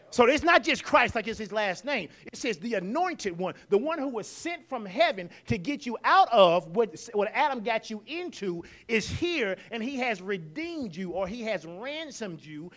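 In a church, a high-pitched man preaches a sermon, leading the congregation in call-and-response and building to loud exclamations.

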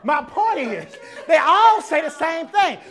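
High-voiced man preaching an animated sermon. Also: slow pace, over music. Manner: animated preaching, acts out quoted voices, casual dialect. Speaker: pastor. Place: church service with congregation.

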